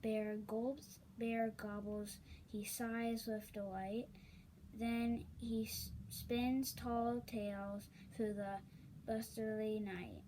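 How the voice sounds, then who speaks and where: A woman reading a children's picture book aloud, unhurried, with chatty asides to listeners. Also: on the high side, level tone, mellow, slight background noise, rough recording. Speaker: story reader.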